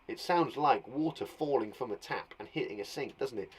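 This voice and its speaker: This young man with a British accent is a primary school teacher running an online lesson for little kids from a garden shed. His mid-range voice is slightly rough and moves at a moderate pace. Playful and encouraging, he gasps and laughs as he acts out sound words.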